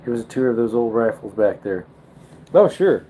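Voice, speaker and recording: A tired man hosts a casual livestream and talks loosely to his viewers. He rambles, stops, and corrects himself as he goes, with a yawning, low-energy manner. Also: normal speed, slight background noise. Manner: rambling, self-correcting, relaxed. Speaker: livestream host.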